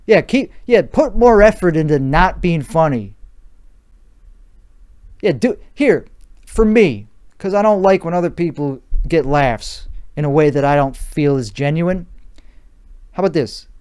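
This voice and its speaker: A man's voice: a little high, expressive, measured pace, darkish tone, clear, resonant tone. A man with a put-on Chicago accent, overtired and sleep-deprived, hosting a rambling solo podcast monologue, profane and argumentative, repeating himself. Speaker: podcast host.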